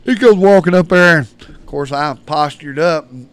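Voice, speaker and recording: Smooth-voiced man telling rowdy stories. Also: a little high, moderate pace, no room sound. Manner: rowdy, laughing, acts out shouted quotes. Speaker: podcast guest. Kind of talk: storytelling in casual chat.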